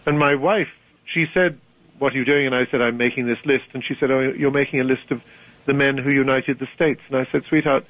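Over a tinny, dry phone line with no room sound, an older British author is interviewed on the radio. He speaks fairly quickly in a steady, medium-pitched voice with a British accent, articulate and wry, laughing readily.

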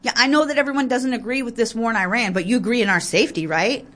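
A woman's voice: on the high side, fairly bright tone. A woman giving heated political commentary, ranting, apologizing in asides, and describing herself as getting worked up. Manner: fired-up, ranting, quick to get aggravated.

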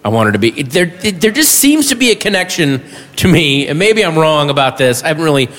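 Bright, animated stand-up comedian man. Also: fairly high pitch, quick pace. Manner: animated, shouts punchlines, self-mocking. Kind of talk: stand-up storytelling. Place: comedy stage before a live audience. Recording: reverberant hall with audience murmur.

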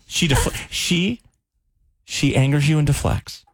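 A man's voice: fairly high pitch, expressive, unhurried, no echo. A man hosting a morning radio show, teasing his co-hosts in playful banter. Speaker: radio host.

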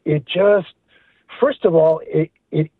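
A man's voice: on the high side, takes it slowly, breathy edge, no room sound. A middle-aged man calling in to a radio show, earnest and reflective, restarting his words as he thinks. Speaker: caller. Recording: tinny phone line.

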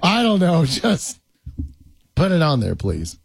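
A man's voice: on the high side, huge pitch swings, takes it slowly, vocal fry, breathy edge, no echo. A man hosting a podcast in a jokey, rambling casual chat, laughing often. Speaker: podcast host.

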